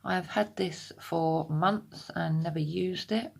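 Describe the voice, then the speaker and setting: Woman, husky, low-pitched, casual nail tutorial, chatty, half-whispered asides. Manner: chatty, slow and explanatory, drifting into half-whispers. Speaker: nail art vlogger. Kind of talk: casual step-by-step tutorial narration. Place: home room at her desk.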